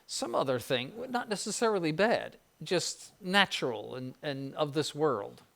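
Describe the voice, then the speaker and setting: A man's voice: a little high, lively intonation, a little slow, vocal fry, fairly bright tone. An older man, a bishop, giving an informal spiritual conference to seminarians, conversational with frequent restarts and dry ironic asides. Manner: conversational, repeats words, mild jokes, ironic asides.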